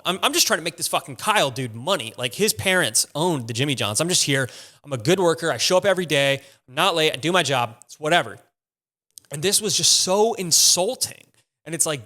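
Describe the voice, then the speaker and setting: A man's voice: on the high side, pushed and bright. A young man hosting a podcast, telling a personal story in a casual, profane and emphatic way. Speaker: podcast host.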